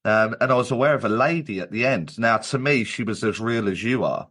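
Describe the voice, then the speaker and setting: A man's voice: fairly low pitch, expressive, fairly quick, a bit bright. A man, a medium and guest, telling his story in casual chat with many restarts and fillers.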